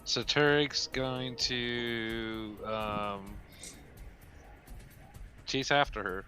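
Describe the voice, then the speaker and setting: A man playing a tabletop game, speaking quietly and hesitantly. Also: mid-range voice, steady tone, extremely slow, soft background music. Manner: quiet, hesitant, many fillers. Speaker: player. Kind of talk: casual chat during a game.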